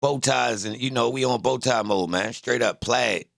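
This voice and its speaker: A man's voice: medium pitch, moderate pace, gravelly, fairly bright tone, no room sound, clean studio sound. A young man from Baltimore with a Baltimore accent, talking casually to his livestream chat, boasting and trash-talking. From Baltimore, Maryland. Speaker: livestream host.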